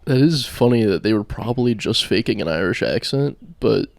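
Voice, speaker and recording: A young man co-hosting a podcast, joking in casual chat with quick asides. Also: fairly low pitch, animated, gravelly, a little mellow, dry recording. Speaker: podcast co-host.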